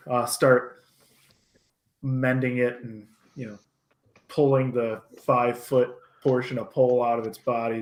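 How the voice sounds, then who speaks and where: A man running a tabletop game, narrating scenes in a halting, improvised way. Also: mid-range voice. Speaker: game master. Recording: roomy echoing mic.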